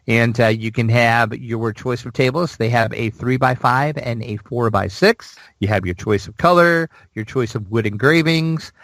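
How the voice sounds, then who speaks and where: A podcast co-host on a gaming news show chats in a loose, rambling way, full of fillers like "like" and "you know." His voice is ordinary middle pitch, gravelly and a bit bright. The low-quality recording is dry and close, with no echo or room sound.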